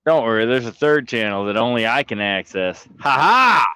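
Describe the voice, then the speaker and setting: A man livestreaming, ranting theatrically with heavy swearing and mockery, jumping from mutters to shouts. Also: on the low side, brisk, smooth, dry recording, poor audio. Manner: theatrical, swings from mumbling to shouting. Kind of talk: profane livestream rant.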